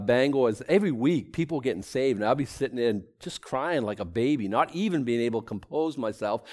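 A man, a pastor, talking casually and heartfelt about church life, emphatic and full of fillers. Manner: animated and emphatic, many fillers, pitch leaping on key points.

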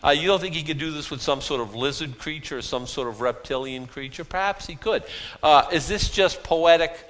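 A man's voice: fairly high pitch, brisk, a bit bright. A man preaching a sermon in a folksy, self-deprecating way, full of rhetorical questions.

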